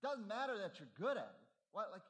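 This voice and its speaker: A woman's voice: medium pitch, sing-song, fairly quick, a bit bright, pitched above the performer's own voice. A man voicing an exasperated missionary woman who scolds her brother, incredulous and insistent.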